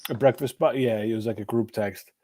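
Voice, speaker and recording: A man's voice: fairly low pitch, steady tone, fairly quick, warm tone. A middle-aged man telling stories in casual chat, swearing freely and laughing often.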